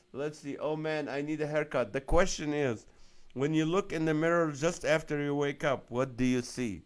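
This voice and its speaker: A male comedian hosting a casual live stream, reading viewer comments aloud and laughing often. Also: fairly high pitch. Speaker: comedian host of a live show.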